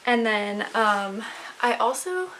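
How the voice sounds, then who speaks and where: Young woman rambling excitedly about her haul, kinda breathless, higher voice, slight background hiss. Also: takes it slowly. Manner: chatty, excitable, rambling with fillers. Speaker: vlogger. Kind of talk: casual show-and-tell haul video. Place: home, indoors.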